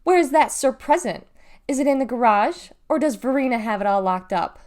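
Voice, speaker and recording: A woman voicing a mean, taunting older sister in a storybook, shrill and loud. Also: animated, normal speed. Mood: sniping.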